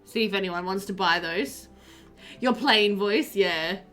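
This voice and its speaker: A woman's voice: medium pitch, unhurried, fairly bright tone, soft background music. A woman chatting casually while streaming a game, reading chat aloud and laughing often.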